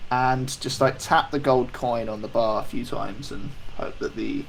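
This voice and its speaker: A man's voice: medium pitch, steady tone, a little slow, vocal fry, a little hiss or hum, rough recording. A man playing a tabletop game, describing his character's actions with hesitant fillers. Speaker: player.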